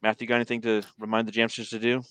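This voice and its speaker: A man's voice: medium pitch, completely flat delivery, rapid-fire, a bit bright, smooth, no echo. A man hosting a casual sports podcast, telling rambling stories and laughing often. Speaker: podcast host. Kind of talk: casual chat.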